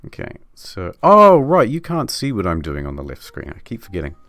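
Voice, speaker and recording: A man's voice: deep voice, sing-song, a little fast, creaky, fairly bright tone, dry recording. A man chatting offhandedly on a live stream while editing a video, swearing now and then and reading viewer messages aloud. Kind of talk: casual live-stream chat.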